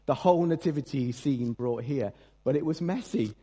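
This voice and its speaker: Young man, pastor, mid-pitched voice, relaxed storytelling sermon with plenty of ums and jokes at his own expense. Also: normal speed, slightly rough. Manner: chatty, self-mocking storytelling with frequent fillers. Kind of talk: Christmas carol service sermon. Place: church service.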